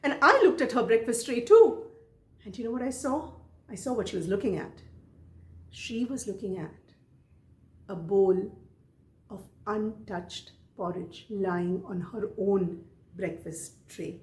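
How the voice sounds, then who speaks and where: A woman storyteller telling a personal tale in an expressive, dramatic way, repeating phrases for effect. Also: mid-range voice, unhurried, long pauses, reverberant. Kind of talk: oral storytelling performance.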